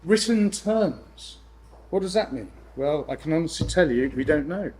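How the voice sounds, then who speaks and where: A man presenting to a room of landlords, lively and jokey with exasperated asides. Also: on the high side, moderate pace, rough recording. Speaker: letting agent speaking at a landlord event. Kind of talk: live seminar presentation.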